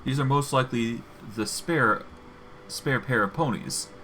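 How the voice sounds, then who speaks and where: A man's voice: medium pitch, a little slow, sharp tone, slight background noise. A man streaming a narrative game, chatting casually and laughing often as he reads and comments.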